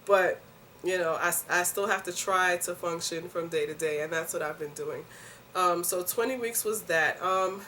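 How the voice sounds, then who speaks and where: A woman's voice: lowish voice, recorded from a distance, a little hiss or hum. Chatty young woman vlogging from home. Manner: chatty, animated, laughing, lots of fillers. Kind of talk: casual pregnancy update vlog.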